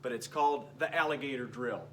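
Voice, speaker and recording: A man's voice: medium pitch, brisk, pushed and bright, recorded from a distance, a little hiss or hum. A man leading a workout as a PE coach, upbeat and encouraging, joking as he goes, sometimes a bit out of breath. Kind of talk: home workout instruction.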